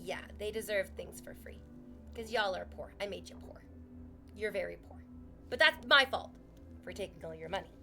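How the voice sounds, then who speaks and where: A woman's voice: medium pitch, animated, moderate pace, creaky, pauses often, bright, forceful tone, faint music behind. A woman streaming from home, chatting casually with her viewers in a sarcastic, teasing way and swearing freely.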